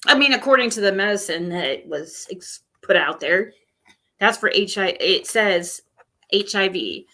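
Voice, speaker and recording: Bright-voiced hesitant woman. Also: mid-range voice, expressive, a little slow. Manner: hesitant, correcting others. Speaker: panel guest. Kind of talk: livestream panel chat.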